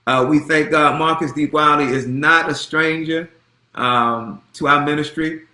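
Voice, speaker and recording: A man in his fifties speaks as a pastor, chatty and folksy, repeating phrases as he goes. His voice sits a little high and sounds bright. The room around him is echoey. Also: measured pace. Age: 50s. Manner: animated, repeats himself, folksy. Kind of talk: casual church announcement.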